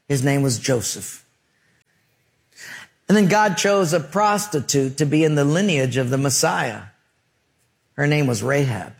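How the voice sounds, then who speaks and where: A man preaching a sermon, telling jokes and stories with acted-out voices. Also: on the high side. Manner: comic, animated storytelling with acted voices. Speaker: pastor.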